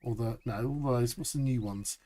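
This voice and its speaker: A man streaming a survival game live, chatty and upbeat, saying "boom" as he works. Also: normal speed, dark tone. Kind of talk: live gameplay commentary.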